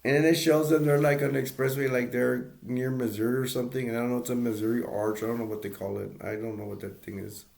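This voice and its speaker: A man's voice: medium pitch, level tone, fast talker, gravelly, hardly any pauses, a little mellow, roomy sound. A man casually retelling a movie's plot as a reviewer. He rambles, restarts often and chuckles as he talks.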